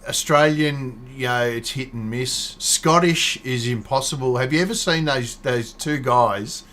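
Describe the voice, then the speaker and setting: A man's voice: mid-range voice, unhurried, a bit bright. A man hosting a casual online chat show, talking in a rambling way, laughing often and restarting his sentences. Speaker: podcast host. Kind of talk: casual video-call chat.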